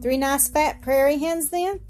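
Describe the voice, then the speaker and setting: Tender frontier mother, read by a woman: gentle and teary, breaking into glad exclamations. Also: sits high, measured pace, soft background music, voice pushed up. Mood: emotional. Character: warm, tearful frontier mother.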